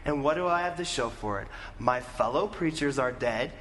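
A man's voice: medium pitch, expressive, normal speed, a bit bright, long reverb tail, a little hiss or hum, lightly acted. A preacher acting out a distraught male prophet who blubbers and complains in self-pity. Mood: indignant.

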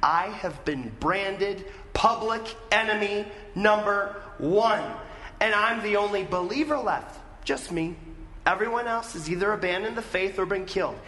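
A man's voice: high voice, fairly bright tone, big-room sound, pitched above the performer's own voice, full character voice. A preacher acting out a distraught male prophet who blubbers and complains in self-pity.

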